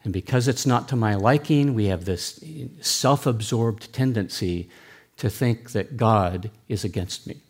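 A pastor delivers a sermon in a church, his fairly low voice slightly rough. He speaks in an earnest, deliberate way, keeping things plain and explanatory.

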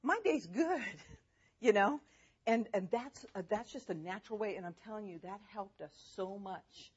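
Husky-voiced mother giving parenting advice. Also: mid-range voice, moderate pace, muffled recording. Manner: animated, chatty, laughs often. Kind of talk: faith-based parenting talk.

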